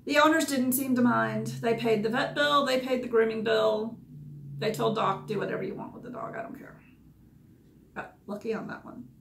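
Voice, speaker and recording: A woman's voice: on the high side, fairly even intonation, moderate pace, creaky, a bit bright, a little hiss or hum. A woman, a dog groomer candidly recounting past events in short, emotional bursts. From Georgia, USA. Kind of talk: personal storytelling. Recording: echoey room.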